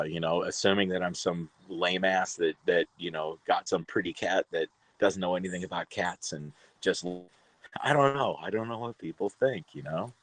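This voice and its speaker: A man's voice: deep voice, fairly quick, a bit bright, dry recording, poor audio. A man casually telling a rambling, exasperated story about his cat, now and then calling to his pets. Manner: chatty, exasperated, talks to his cats in between. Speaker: cat owner vlogger.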